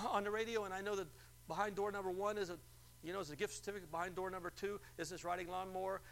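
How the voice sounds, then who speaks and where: A gushing, overjoyed woman caller, as a male preacher puts her on, squeals way up high and loud. She repeats herself breathlessly in a shrill voice, told in a sermon. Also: fairly even intonation, quick pace, gravelly, slight background noise. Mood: giddy. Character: overjoyed middle-aged woman radio contest caller.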